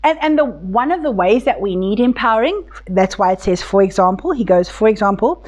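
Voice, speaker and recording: A woman's voice: medium pitch, animated, a little fast, darkish tone, lo-fi sound. A woman teaching a Bible study group in a casual, conversational way, with many restarts, speaking tenderly when voicing God. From South Africa.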